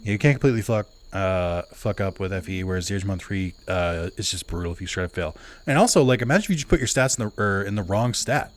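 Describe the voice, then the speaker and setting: His deep voice is expressive and fast, with few pauses, as he plays on a live stream. He rambles casually, chatting with viewers, using lots of filler and often correcting himself.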